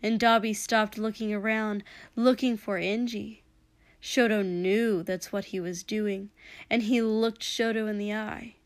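A woman narrating a story aloud in a slow, measured way. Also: mid-range voice, steady tone, dry recording. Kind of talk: reading fan fiction aloud.

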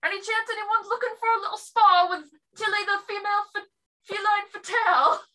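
A woman's voice: very high voice, fairly even intonation, fairly quick, pushed and bright, voice pushed up. A woman voicing a cocky female cat-folk fighter who brags and picks fights. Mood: brash. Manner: boastful, brash.

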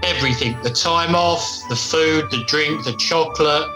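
A man's voice: on the high side, moderate pace, music in the background, poor audio. A middle-aged British man co-hosting a podcast, chatting in a laid-back, rambling way with lots of ums. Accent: British English. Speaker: podcast co-host. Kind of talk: casual chat.

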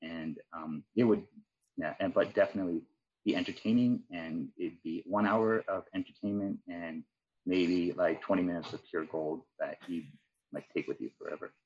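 Man, lowish husky voice, rambling casual talk, lots of "like" and "you know", dull lo-fi sound. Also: moderate pace, darkish tone. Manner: rambling, many fillers and restarts. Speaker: departing guest. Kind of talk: casual podcast chat.

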